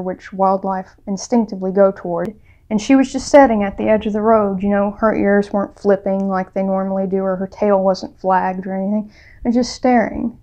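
A woman's voice: mid-range voice, a little mellow, muffled recording. A woman hosting a vlog, telling a personal story in an earnest, casual way with lots of fillers. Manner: casual, chatty, many fillers; earnest and heartfelt. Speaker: vlog co-host.

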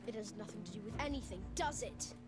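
A woman's voice: medium pitch, lively intonation, fast talker, close to an everyday voice. An actress playing an idealistic young woman in a game cutscene, earnest and scolding. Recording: game cutscene with loud music, distant.

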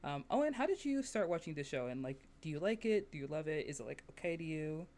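A woman hosting a podcast, chatting casually, laughing often and acting out quotes in lively asides. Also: deep voice, fast talker. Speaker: podcast host.

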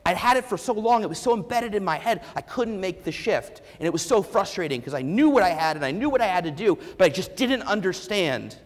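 A man gives a keynote in a large conference hall, his fairly high voice carried on a lavalier mic. The long reverb of the hall trails after his words. He tells a candid personal story with self-deprecating jokes and stops and restarts his sentences. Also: lively intonation, brisk, hardly any pauses. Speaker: keynote speaker.

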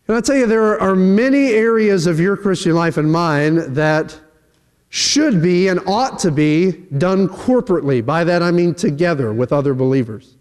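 A middle-aged male preacher delivers a sermon with a high-pitched voice. He is animated and slips into little voices when he acts out quoted dialogue. His words ring with the long reverb of a church hall. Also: moderate pace, clean tone. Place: church sanctuary.

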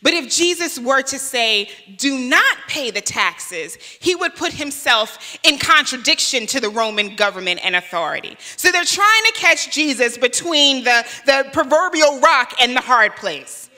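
A woman's voice: high-pitched, animated, moderate pace, hardly any pauses, bright, forceful tone, big-room sound. A woman guest pastor preaching a sermon, conversational, with rhetorical questions and light humor. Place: church sanctuary.

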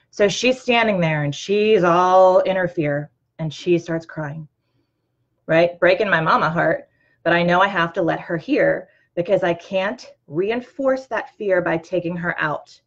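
A woman in her thirties speaks in a rather low voice, giving an earnest, chatty motivational talk. She talks to the listener directly and fills her sentences with ums and you-knows. The recording sounds a little dull and lo-fi. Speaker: host.

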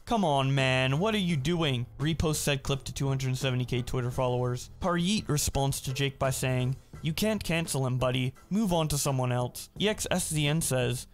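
A man narrating a commentary video, reading social media posts aloud in an even, flat monotone. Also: medium pitch.

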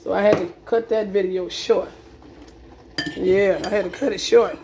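A woman's voice: medium pitch, fairly even intonation, moderate pace. Woman, cooking video host, casual demonstration, repetitive friendly asides, home kitchen, faint background noise. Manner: chatty, repeats herself, lots of "okay?" asides.

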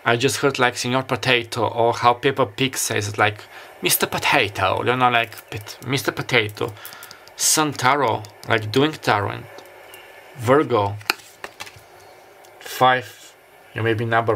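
Guy doing a tarot reading, halting and musing, soft beach sounds in the back. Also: mid-range voice, fairly even intonation, creaky, a little hiss or hum. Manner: musing, halting, many fillers and restarts. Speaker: tarot reader. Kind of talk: pick-a-card tarot reading. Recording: faint beach ambience behind. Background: summer beach ambience sounds.

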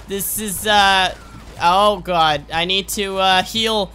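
Pushed and bright, this late-teen gaming YouTuber's voice sits high and keeps a measured pace. His let's-play commentary rambles and jokes along, punctuated by frequent gasps and laughter.

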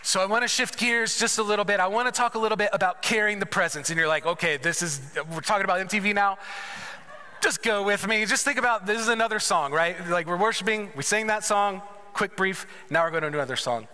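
A man's voice: high-pitched, fast talker, hardly any pauses, bright, forceful tone, some chatter behind, a little hiss or hum. A man preaching a conference sermon that mixes personal testimony with conversational storytelling and humorous asides, in a large church sanctuary. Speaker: conference speaker. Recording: reverberant church hall.

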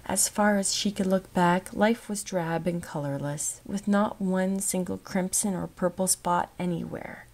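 A woman narrating a classic novel in a measured, expressive reading that dips into soft whispers. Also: on the low side. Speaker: audiobook narrator. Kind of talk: scripted narration.

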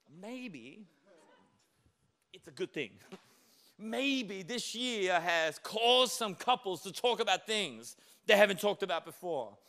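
A male pastor preaching a lively, conversational sermon full of rhetorical questions. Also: sits high, slow, vocal fry. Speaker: lead pastor.

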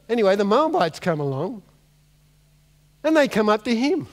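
A man's voice: extremely high pitch, very animated, normal speed, pauses often. A man preaching a sermon, telling a Bible story with comic energy and acting out the characters. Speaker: pastor. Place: large church hall. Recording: long hall reverb.

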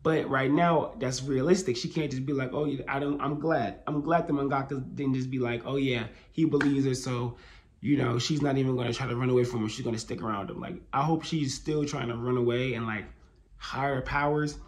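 A man's voice: medium pitch, brisk. A man who hosts a manga channel, chatting casually as he retells a chapter, using fillers like "you know what I'm saying" often. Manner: animated retelling with filler phrases. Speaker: manga reviewer. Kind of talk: casual discussion.

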